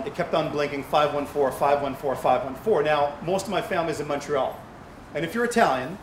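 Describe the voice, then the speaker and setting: Man telling stories at a fundraiser. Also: fairly high pitch. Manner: anecdotal, asks rhetorical questions. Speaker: speaker at a charity fundraiser. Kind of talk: conversational speech to an audience. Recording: echoey hall with faint background hum.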